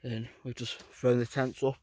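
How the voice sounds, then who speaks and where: A man talks casually to his camera on a blustery coastline. His voice stays level and flat, with few rises or falls. He rambles along, padding his sentences with fillers. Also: mid-range voice, moderate pace, no room sound. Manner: chatty, rambling, with many fillers. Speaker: outdoor vlogger. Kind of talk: casual vlog chat. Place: outdoors on a windy coast.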